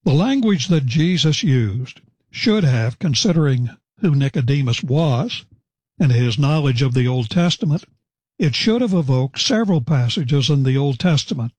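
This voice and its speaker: A man giving expository Bible teaching in a measured, explanatory way, slowing down for emphasis. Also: medium pitch, expressive, darkish tone, slightly rough, no room sound.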